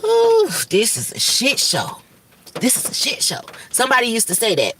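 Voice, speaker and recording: A woman's voice: on the high side, wildly swooping pitch, moderate pace, a bit bright, far from the mic, a little hiss or hum. A woman from Michigan, hosting a livestream and declaring her spiritual visions in urgent, profane, repetitive bursts. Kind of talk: rambling prophetic livestream talk.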